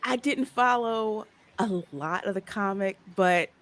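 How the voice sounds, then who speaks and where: A woman co-hosting a pop culture podcast in casual chat, animated and quick to laugh, often repeating words. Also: medium pitch. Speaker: podcast co-host.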